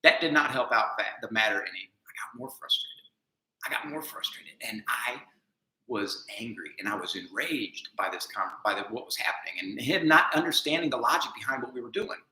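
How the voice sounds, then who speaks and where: A man with a bright, forceful voice tells his story earnestly and critically, sometimes dropping low and sometimes rising with emphasis. The sound is echoey, as in a bare room, and his pitch sits in the middle range. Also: lively intonation, a little fast. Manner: earnest, self-critical, swings from quiet to emphatic. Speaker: vlogger. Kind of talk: confessional monologue.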